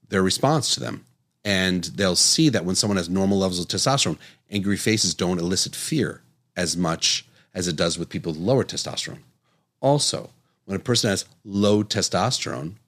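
A man's voice: deep voice, fairly bright tone. A middle-aged man, a physician hosting a podcast, explaining research in an earnest, conversational way and acting out bits of dialogue. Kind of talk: casual educational monologue.

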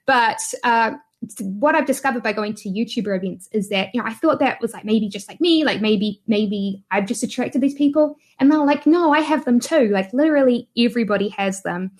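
A woman's voice: fairly high pitch, fairly quick. A woman with a New Zealand accent, a YouTuber guest chatting casually in an interview, laughing often and filling her talk with ums and restarts. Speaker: guest, online business YouTuber.

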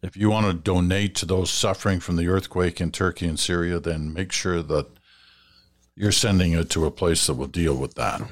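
A man hosting a listener feedback segment on radio, talking in a measured, advising way with some fillers and restarts. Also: sits low, steady tone. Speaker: radio host reading listener letters. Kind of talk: conversational radio commentary.

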